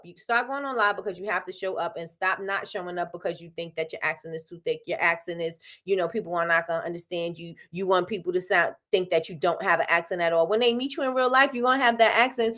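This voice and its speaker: A middle-aged woman hosting a casual motivational live stream from her soap business. She talks with lively energy, repeats her points and often laughs. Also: mid-range voice, fast talker, hardly any pauses. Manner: energetic, repetitive, preachy, laughs a lot. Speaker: live show host, soap business owner.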